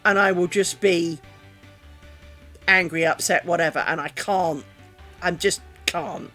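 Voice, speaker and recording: Soft music plays behind a British woman with a fairly low, sharp-toned voice, speaking a little slowly with fairly even intonation. She streams her craft work on a streaming mic, rambling candidly in casual chat with a self-deprecating streak and the odd swear word.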